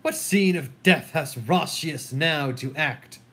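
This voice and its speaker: A man's voice: a little high, fairly bright tone, slightly rough, full character voice. A man reading a sorrowful deposed king. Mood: mournful. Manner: mournful, measured verse. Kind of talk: solo dramatic reading of a play.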